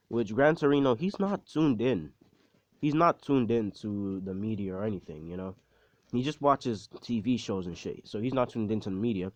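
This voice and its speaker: A man's voice: lowish voice, moderate pace, no echo. A young man retelling a story in a casual, rambling, profane way, full of slang and self-deprecating asides. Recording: dull, dry close recording.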